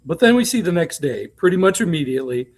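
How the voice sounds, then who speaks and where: A man co-hosting a casual podcast, talking through reality TV news in a loose, candid way. His voice is a little husky and sits slightly high for a man, and he fills pauses with ums and asides. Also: sing-song. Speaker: podcast co-host. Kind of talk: casual chat recapping reality TV.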